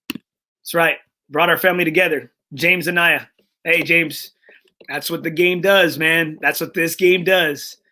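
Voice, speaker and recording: A man's voice: fairly high pitch, bright, forceful tone. Emotional, earnest man hosting a podcast. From Texas. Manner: earnest and emotional, with frequent restarts and fillers. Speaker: podcast host. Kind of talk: casual podcast chat.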